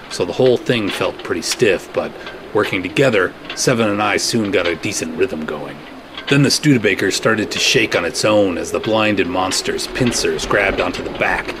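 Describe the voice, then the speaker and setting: A man giving a first-person scripted narration of an audio drama, steady and dry, with terse asides. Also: low-pitched. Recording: noisy recording.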